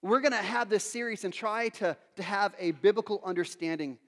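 High-voiced pastor in an echoing hall. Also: male voice, fairly quick. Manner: animated storytelling with acted quotes. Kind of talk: sermon. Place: church hall. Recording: long hall reverb.

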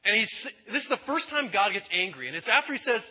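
A male pastor preaching a sermon in an animated way, acting out quotes in different voices. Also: sits high, quick pace. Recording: echoey hall, dull lo-fi sound.

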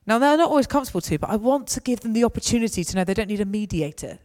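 A woman's voice: on the high side, lively intonation, racing, darkish tone. A woman giving a conversational, anecdotal talk to a gathering. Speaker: speaker. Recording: reverberant hall.

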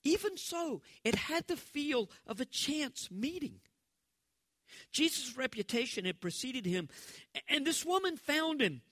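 Guy preaching, high bright voice, chatty and animated, dry close sound. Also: unhurried, no echo. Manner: conversational and animated, acting out quoted voices. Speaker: pastor. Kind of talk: sermon.

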